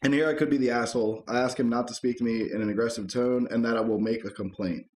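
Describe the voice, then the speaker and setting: A man co-hosting a casual podcast, reading online posts aloud and chatting, laid-back and quick to chuckle and swear. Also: medium pitch, steady tone, a little mellow. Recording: echoey room.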